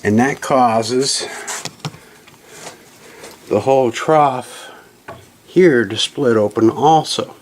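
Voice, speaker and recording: A man's voice: medium pitch, extremely slow, pauses often. A man hosting a casual hands-on tutorial at his home reloading bench, talking in a folksy, rambling way with frequent self-corrections and apologetic asides, recorded on a camera mic. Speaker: channel host demonstrating a reloading tool. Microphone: camera mic, handheld then on tripod.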